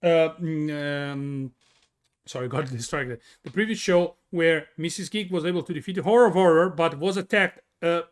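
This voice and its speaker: Excitable Italian-accented wrestling commentator. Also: male voice, a little high, moderate pace. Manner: bursts into shouts on big moves, jokey asides to co-hosts.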